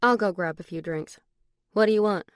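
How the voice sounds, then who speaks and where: A woman's voice: medium pitch, normal speed, no echo, clean studio sound, close to an everyday voice. A woman reading an audiobook, voicing a guarded young woman who talks in a cool, matter-of-fact way. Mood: casual.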